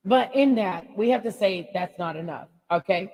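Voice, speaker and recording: Husky, laughing motivational woman host. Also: mid-range voice, big-room sound, rough recording. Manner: animated, laughing, drawling with acted-out quotes. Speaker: life coach. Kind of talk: motivational radio talk.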